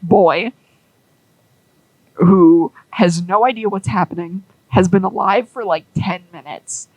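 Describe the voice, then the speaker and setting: A woman's voice: lowish voice, no room sound, poor audio. A young woman rambling through a casual story with many fillers and an amused tone.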